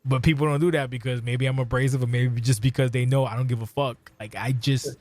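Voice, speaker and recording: A man's voice: mid-range voice, fairly even intonation, fairly quick, darkish tone, no echo, soft background music. A middle-aged man hosting a podcast, talking bluntly and profanely in casual chat, ranting about how he works with people. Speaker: podcast host.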